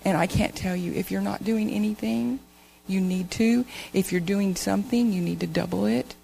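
A woman's voice: mid-range voice, normal speed, creaky, warm tone, a little hiss or hum, rough recording. A woman telling an earnest, emotional story as a testimony in church. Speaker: church member giving a testimony.

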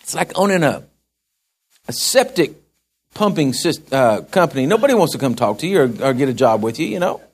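A man's voice: medium pitch, sing-song, a little fast. A man preaching a sermon in a folksy way, with asides to the congregation. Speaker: pastor.

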